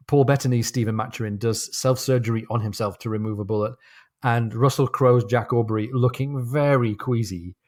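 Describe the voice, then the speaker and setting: A man co-hosting a podcast, chatting casually about a novel and reading passages aloud slowly and deliberately. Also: mid-range voice, a little mellow. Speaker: podcast co-host. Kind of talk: casual book discussion with read-aloud passages.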